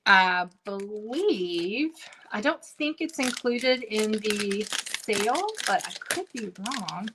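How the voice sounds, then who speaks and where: A woman hosts a crafting livestream from her home, chatting in a bubbly, easygoing way and addressing her viewers directly. Her voice sits at an ordinary middle pitch. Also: fairly bright tone, slight background noise. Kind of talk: casual livestream crafting chat. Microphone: livestream camera setup.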